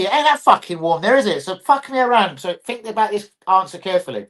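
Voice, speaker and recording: A man's voice: high-pitched, sing-song, quick pace. Rowdy, profane man on a livestream. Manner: rowdy, profane, swings from mumbling to shouting. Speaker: livestream host. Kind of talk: livestream fan chat. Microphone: computer mic on a livestream.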